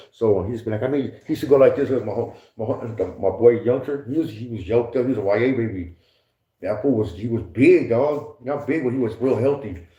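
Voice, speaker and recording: Man, casual storytelling, slang and cursing, mellow tone, lo-fi sound. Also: mid-range voice. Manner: slangy, profane, laughs often, mimics others. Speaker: podcast guest telling prison stories. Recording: echoey room, dull lo-fi sound.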